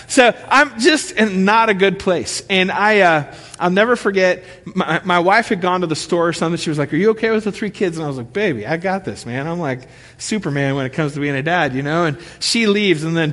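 High-voiced animated male preacher. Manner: animated storytelling, acting out quotes. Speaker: pastor. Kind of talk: sermon. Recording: long reverb of a large hall.

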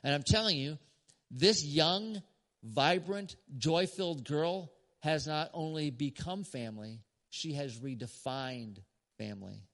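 A man preaching as a pastor, telling a story to a congregation with emphatic pauses and short laughs. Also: on the high side, fairly bright tone. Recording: long church hall reverb.

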